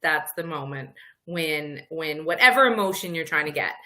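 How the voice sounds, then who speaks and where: A woman's voice: sits low, expressive, moderate pace, pushed and bright. A woman hosting an interview, enthusiastic with a few hesitant fillers. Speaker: podcast host. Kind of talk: casual interview chat.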